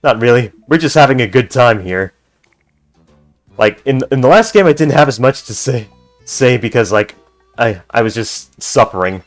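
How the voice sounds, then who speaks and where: A man's voice: mid-range voice, lively intonation, moderate pace, faint music behind. Chatty man streaming a game. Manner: chatty, rambling, frequent restarts. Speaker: gaming streamer. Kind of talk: casual livestream chat reading.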